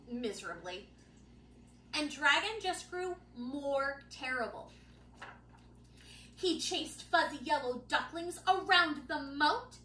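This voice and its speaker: Storytime reader, woman: very high, bright, lively read-aloud with playful asides; echoey room. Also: slight background noise. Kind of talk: reading a picture book aloud to children.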